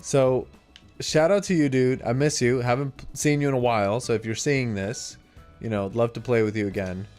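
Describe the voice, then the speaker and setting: A man's voice: mid-range voice, steady tone, normal speed, a little mellow. Easygoing male game streamer, faint music. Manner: chatty, easygoing, reacts aloud to gameplay. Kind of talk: casual live-stream chat while gaming.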